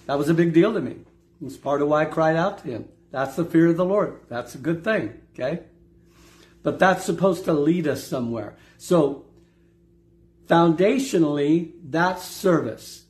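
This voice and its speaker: A middle-aged man preaching with a slightly high voice. He stresses and repeats his key points, pausing to quiz his listeners. His delivery is earnest and direct. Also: darkish tone. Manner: emphatic, repeats key phrases, asks the congregation questions. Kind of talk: sermon.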